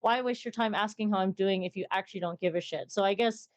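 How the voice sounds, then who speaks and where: A woman's voice: medium pitch, quick pace. A young woman streamer chatting casually in an interview, rambling and acting out little conversations in a lifted voice.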